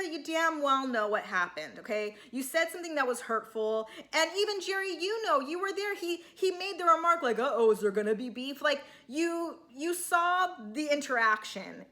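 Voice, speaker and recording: A woman's voice: high voice, animated, moderate pace, hardly any pauses, pushed and bright. A woman giving a casual, heated recap of a reality show, chatty and full of filler words.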